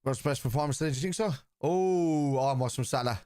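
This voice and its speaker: A middle-aged man hosts a football watchalong live stream, talking casually and bluntly as he reads viewers' comments aloud and answers them, getting combative with the chat. His medium-pitched voice is fairly quick, with a dark, clear, resonant tone in a dry, clean studio recording.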